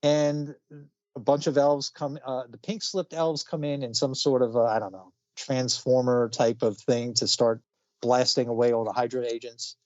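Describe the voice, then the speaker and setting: A man's voice: medium pitch, fairly even intonation, normal speed, dry recording. Man recapping a comic, muffled dry audio. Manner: rambling plot recap with fillers. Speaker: podcast co-host. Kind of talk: casual comic review chat. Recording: slightly muffled dry recording.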